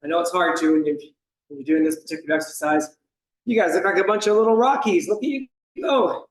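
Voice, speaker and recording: A man's voice: high-pitched, quick pace. A man leading an exercise class, upbeat and encouraging, counting out reps and calling moves with a slight cough. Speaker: fitness instructor. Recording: echoey room, voice far from the mic.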